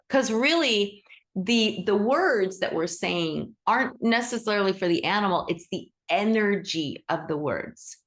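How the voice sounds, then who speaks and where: A woman hosting a live online group class as a teacher, talking with enthusiasm and big swings in pitch. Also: expressive, a little slow. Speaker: animal Reiki teacher and host. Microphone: video call.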